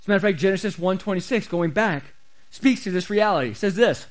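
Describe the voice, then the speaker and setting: A man's voice: high-pitched, animated, quick pace, rough recording. A man preaching a sermon as pastor, emphatic and repeating key phrases for stress.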